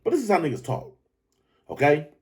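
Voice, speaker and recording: A man hosting a podcast, talking in a loose, profane, animated commentary style that keeps jumping up into excited high pitches. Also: brisk. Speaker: podcast host. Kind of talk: casual commentary monologue.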